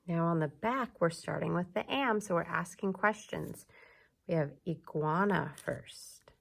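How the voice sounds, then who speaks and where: Woman teacher, early reading lesson, slow drawn-out words, gravelly, a little low. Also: a little hiss or hum.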